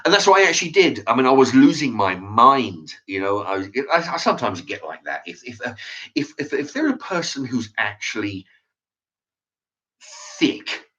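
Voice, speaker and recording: A man's voice: mid-range voice, big pitch swings, moderate pace, sharp tone. A man ranting about a shop argument, swearing and acting out both sides of the exchange. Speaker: channel host. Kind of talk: ranting monologue. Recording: dull lo-fi sound.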